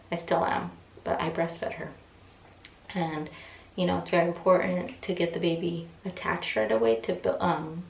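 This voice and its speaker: A woman's voice: fairly low pitch, distant mic, slight background noise. A young woman telling a personal story in a casual, chatty way, with many fillers and acted-out quotes. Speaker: vlogger. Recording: echoey room, voice from off mic, faint ambience.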